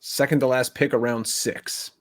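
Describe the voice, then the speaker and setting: A man with a mid-pitched voice co-hosting a casual podcast. He talks in an easy, conversational way and often asks questions. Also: fairly even intonation, moderate pace. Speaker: podcast co-host. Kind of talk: casual fantasy football chat.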